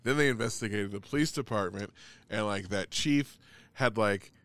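A man's voice: fairly low pitch, normal speed, fairly bright tone, no room sound. A man in casual chat, telling a long story in a rambling way, full of "like" and swearing.

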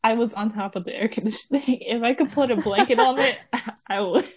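A woman's voice: fairly high pitch, brisk, slightly rough. A young woman in her twenties co-hosting a podcast, chatting casually with lots of laughter, fillers and restarts. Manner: animated, laughs often, many fillers and restarts. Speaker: podcast co-host. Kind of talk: casual chat.

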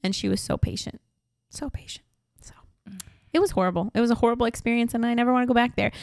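Chatty woman telling animated stories. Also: on the high side, very fast, no echo, clean studio sound. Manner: animated storytelling, mimics voices, laughs often. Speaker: podcast co-host. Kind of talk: casual chat.

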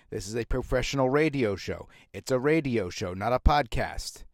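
A man's voice: mid-range voice, animated, normal speed, hardly any pauses, no echo, studio quality. A man hosting his own show, talking in a casual, rambling monologue, sarcastic and full of restarts. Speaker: radio show host.

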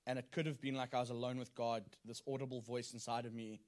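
A man's voice: mid-range voice, little pitch movement, fast talker, a little mellow. A man on a church panel, sharing his calling in an earnest, talkative way. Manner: earnest, retells with acted quotes. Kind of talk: testimony in a panel discussion.

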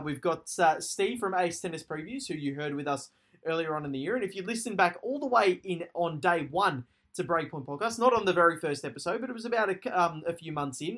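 Podcast host: man, somewhat high-pitched, casual and enthusiastic, talks in long run-on stretches. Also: fairly bright tone. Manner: rambling, enthusiastic recap with fillers. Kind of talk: casual sports podcast chat.

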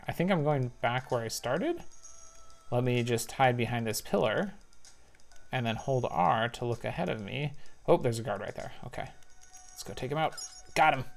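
A man giving casual commentary while playing a spy video game, thinking aloud with little excited outbursts. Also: mid-range voice, gravelly. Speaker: parent. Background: faint game music.

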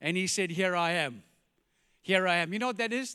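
A pastor preaching an animated sermon, firing rhetorical questions and dropping to quiet emphasis, in a church. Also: male voice, high-pitched, brisk, smooth, long reverb tail.

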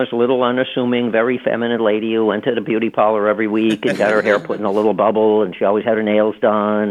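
A middle-aged man, an author and law professor, chatting as an interview guest, rambling with many restarts and fillers. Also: on the low side. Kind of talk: casual interview talk. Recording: tinny phone-line audio.

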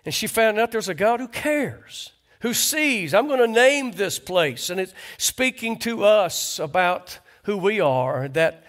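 Man, pastor, high voice, conversational sermon, rhetorical questions, church. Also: animated, slow pace, few pauses, fairly bright tone. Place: church sanctuary.

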